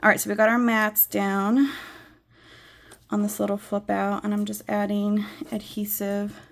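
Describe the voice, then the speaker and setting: A woman's voice: medium pitch, little pitch movement, a little slow, gravelly. A young woman chatting casually through a craft tutorial at home, rambling with many fillers, slightly out of breath, sometimes murmuring while she works. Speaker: craft vlogger.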